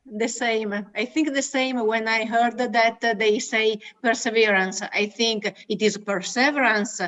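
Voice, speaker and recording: Halting woman on a call. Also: a little high, flat delivery, fairly bright tone. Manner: halting, restarts words. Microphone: video call.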